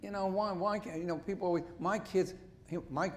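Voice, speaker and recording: An older man from Philadelphia with a strong Philadelphia accent, telling stories as a comedian guest in an on-stage interview before a live audience, animated and jokey with quick asides. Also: sits high.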